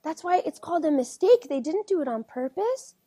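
A woman teacher reading a picture book aloud to children, gently asking them questions as she goes. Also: very high-pitched, sing-song, a little fast, no room sound, studio quality. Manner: gentle, questioning, keeps checking in with the kids.

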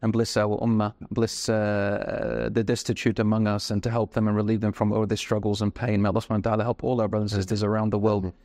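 A man hosting an interview, telling stories in a warm way with many fillers and pauses. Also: fairly low pitch, level tone, dry recording, studio quality. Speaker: host. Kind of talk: interview conversation. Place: studio in Melbourne.

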